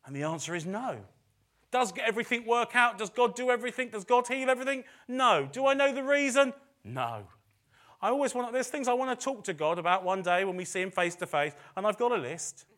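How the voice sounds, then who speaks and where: A middle-aged preacher with an extremely high, somewhat bright voice delivers his sermon briskly and animatedly at a church service. He keeps it conversational, pokes fun at himself, and repeats phrases to drive points home.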